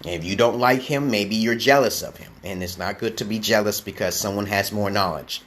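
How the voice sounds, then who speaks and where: Rambling lecturing man, slightly low voice. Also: fairly quick, fairly bright tone. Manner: rambling and lecturing, tags sentences with "okay?". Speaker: online English teacher. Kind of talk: casual live-stream talk, reading out viewer comments.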